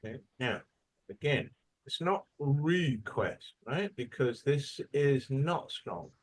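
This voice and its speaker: A husky-voiced male teacher leads a classroom English lesson at an unhurried pace. His pitch rises and falls freely as he quizzes students and models how words are stressed. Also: expressive. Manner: questioning, drills pronunciation by modeling words.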